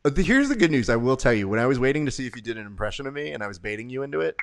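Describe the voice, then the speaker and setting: Guy cohosting a grappling watch-along, jokey quick asides, dry close sound. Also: medium pitch, no room sound. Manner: joking, animated, quick asides. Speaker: podcast co-host. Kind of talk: casual live commentary chat.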